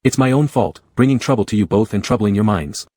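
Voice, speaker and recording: A man voicing a frightened young man who speaks softly and apologetically. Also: on the low side, lively intonation, fast, dry recording, studio quality. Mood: apologetic. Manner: apologetic and soft.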